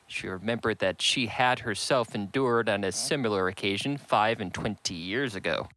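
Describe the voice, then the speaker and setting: A man reading a classic novel aloud as an audiobook in a measured, steady way. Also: fairly low pitch, no room sound, rough recording. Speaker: audiobook reader. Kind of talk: audiobook narration.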